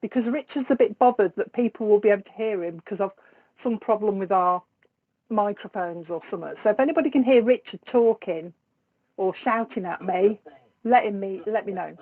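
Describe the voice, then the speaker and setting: A woman hosting a live psychic stream, chatting with viewers and laughing easily between remarks. Her voice sits at an ordinary middle pitch for a woman. The sound is thin and tinny, as if heard over a phone line. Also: brisk. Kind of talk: casual live-stream chat greeting viewers.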